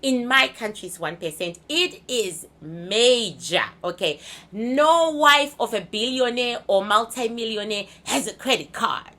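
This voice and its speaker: A woman from Zimbabwe talking to her viewers in a casual, rambling monologue, candid and crude, swinging between loud and laughing. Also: fairly high pitch, expressive, unhurried. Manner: blunt, candid storytelling with crude language. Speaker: vlogger.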